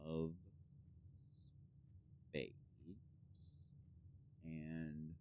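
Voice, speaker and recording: A man offers casual let's-play commentary on a puzzle game as he plays, rambling with plenty of fillers and the occasional swear, and dropping to a mutter when he thinks aloud. He hosts a gaming channel. His rumbling low voice is completely flat and very slow, and the dull audio has slight background noise.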